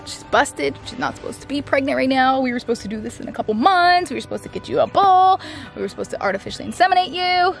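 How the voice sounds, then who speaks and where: A chatty young woman talks to camera outdoors on her farm. Her voice sits notably high, and she rambles with plenty of "like" and "I don't know", turning now and then to address her animals. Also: animated, fast, creaky, soft background music. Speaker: farm vlogger. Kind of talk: casual vlog chat to camera.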